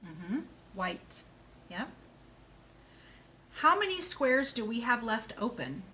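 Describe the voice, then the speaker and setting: A woman speech therapist giving a slow, clear lesson to a young child, praising answers and asking simple questions. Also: fairly high pitch, sing-song, pushed and bright, a little hiss or hum. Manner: slow, clear, sing-song and encouraging, with animal sounds.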